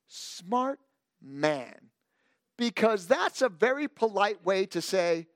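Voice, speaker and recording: Animated preacher man with lively pitch. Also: takes it slowly, no room sound, studio quality. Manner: animated, playful asides, reads scripture aloud. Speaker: pastor. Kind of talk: sermon.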